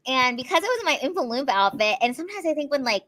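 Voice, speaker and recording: A bubbly young woman chatting on a casual live stream, her pitch swinging between a high, girlish register and a lower serious tone. Her voice is bright and lively, with a higher-than-usual pitch. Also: very fast. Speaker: comedian co-host.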